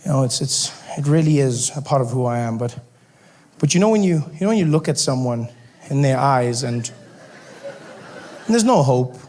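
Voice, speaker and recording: A man from South Africa with a South African accent, doing stand-up comedy with animated storytelling on a stage mic. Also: mid-range voice, moderate pace, long pauses. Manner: animated storytelling, shifts into character voices. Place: comedy stage before a live audience.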